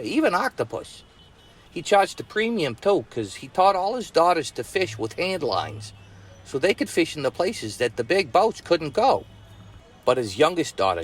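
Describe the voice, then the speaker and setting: A Brooklyn-accented man spinning a tall tale for his nephew. His voice sits a little high for a man and rises and falls a lot as he talks. He tells it folksy and chatty, with loose grammar and chuckling asides. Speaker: storyteller uncle. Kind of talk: bedtime-style storytelling.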